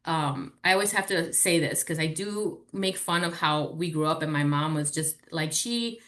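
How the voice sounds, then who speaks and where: Speaking at a moderate pace in a low voice, a podcast guest in her forties shares personal anecdotes during a relaxed conversation. She's frank and lively, and her storytelling is peppered with swearing.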